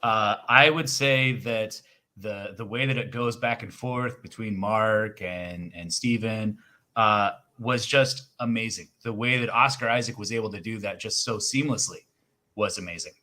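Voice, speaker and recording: A man's voice: fairly low pitch, measured pace, sharp tone. A man chatting casually and upbeat as a podcast guest.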